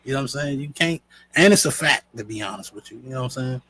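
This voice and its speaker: A man hosting a live stream, casual and slangy, shouting out viewers. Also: mid-range voice, fast, a little hiss or hum, poor audio. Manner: laid-back, slangy, says "you know what I'm saying". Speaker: show host.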